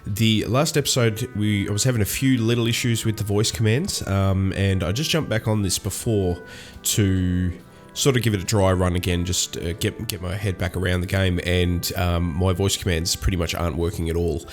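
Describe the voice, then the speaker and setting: Low-voiced Australian man chatting casually. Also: steady tone, normal speed, few pauses, faint music behind. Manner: rambling, many ums and restarts. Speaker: gaming YouTuber. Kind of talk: casual gameplay commentary.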